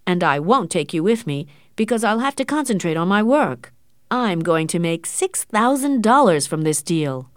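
A woman's voice: lowish voice, sing-song, moderate pace, dry recording, clean studio sound. A woman voicing a cold, calculating young man who speaks curtly. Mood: matter-of-fact. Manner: cold and curt.

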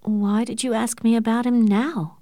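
A woman reading an audiobook, voicing an earnest, anxious young woman, a devoted daughter, who speaks in a soft, pleading way. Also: medium pitch, slow pace, no echo, clean studio sound, natural voice.

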